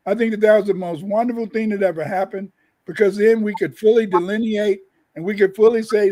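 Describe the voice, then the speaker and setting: A man's voice: sits high, fairly even intonation, a little fast, mellow, low-quality recording. A man co-hosting a casual talk, emphatic and rambling, often repeating himself. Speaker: co-host.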